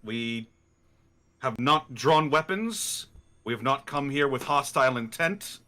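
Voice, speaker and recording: A man speaking as his calm, diplomatic adventurer in a formal, measured way. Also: medium pitch.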